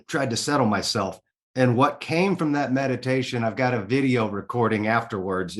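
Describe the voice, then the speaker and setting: A middle-aged man from the Kansas City area, a guest in a casual interview, telling his own story in an animated way, swearing freely and voicing his own thoughts aloud. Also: mid-range voice.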